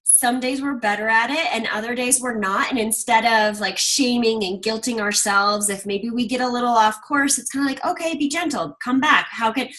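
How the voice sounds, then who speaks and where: A woman's voice: a little high, steady tone, moderate pace, hardly any pauses, a bit bright. A woman hosting an interview, reflective and affirming as she responds to her guest. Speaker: interview host. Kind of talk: casual interview chat.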